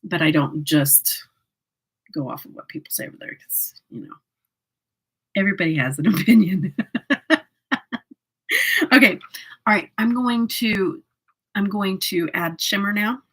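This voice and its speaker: Chatty, husky woman livestreamer. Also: medium pitch, a little slow, pauses often, a bit bright, poor audio. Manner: chatty, laughs often, reads and answers viewer comments. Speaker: makeup livestream host. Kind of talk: casual livestream chat while doing makeup.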